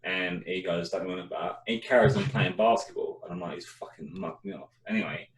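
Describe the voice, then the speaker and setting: A low, brisk male voice comes from well away from the mic in an echoey room. He's a young co-host on a casual chat show, swearing heavily while he tells an animated story.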